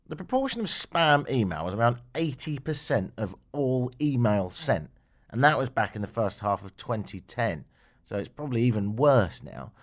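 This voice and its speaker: Joking male radio host. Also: fairly low pitch. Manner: jokey, sarcastic asides. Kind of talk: casual radio talk.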